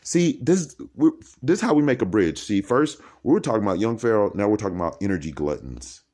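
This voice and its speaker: A man vlogging alone in a dark room by candlelight, rambling from topic to topic and laughing as he talks. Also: fairly low pitch, brisk. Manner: animated, laughing, jumps between topics. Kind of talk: rambling stream-of-consciousness monologue.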